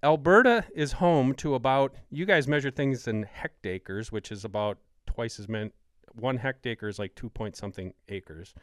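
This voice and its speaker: A man's voice: mid-range voice, normal speed, no room sound, studio quality. A man from Wisconsin hosting a hunting podcast, asking questions eagerly and working through numbers. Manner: enthusiastic, asks questions, quotes numbers. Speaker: podcast host. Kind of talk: casual podcast interview.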